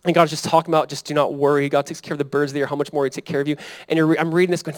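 A pastor in his thirties delivers a sermon in a loose, conversational style, often asking his listeners to agree. His voice sits fairly high for a man. The sound is close and dry, with no room echo. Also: racing. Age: 30s. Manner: conversational, animated preaching with frequent "right?" and "Amen?".

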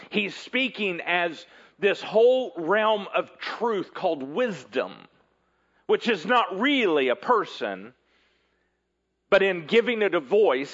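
Lively high-voiced man preaching slowly. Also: muffled recording. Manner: earnest preaching, drops low and quiet at ends of phrases. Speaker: pastor. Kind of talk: sermon.

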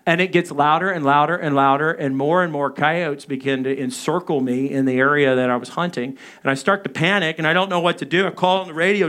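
A male pastor in his thirties launches into an animated personal story during a sermon, his high voice bright and forward. He talks briskly with hardly any pauses, acting out his own frantic moments, including his panicked radio calls.

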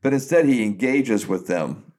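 A man's voice: medium pitch, animated, moderate pace, darkish tone. A man co-hosting a podcast, chatting casually about faith and retelling a story with frequent restarts. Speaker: podcast co-host.

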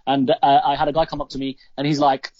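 A man's voice: fairly high pitch, little pitch movement, fast, a little mellow, no room sound. Enthusiastic rambling man podcaster. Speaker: podcast co-host. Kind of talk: casual podcast chat. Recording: dry, dull lo-fi sound.

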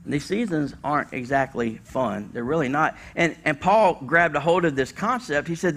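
Animated man preaching a sermon. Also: moderate pace, hardly any pauses. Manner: conversational and animated, with casual slang and sudden bursts of pitch and volume. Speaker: pastor. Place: church.

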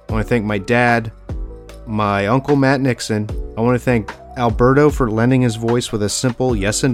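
A young adult man hosting a podcast, earnestly reading farewell thank-yous from notes with small slips. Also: mid-range voice. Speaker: podcast host.

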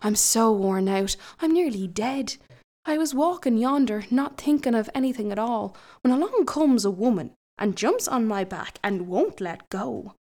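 A worn-out male devil in disguise sighs and complains about his burden, as a woman reading a folk tale puts him on. He sounds fairly high. It is a storybook reading. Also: expressive, normal speed, darkish tone. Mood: weary. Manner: sighing, complaining.

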